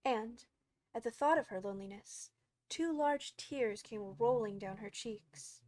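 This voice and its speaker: A woman narrating a classic children's story in a calm, expressive audiobook reading. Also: on the high side, unhurried.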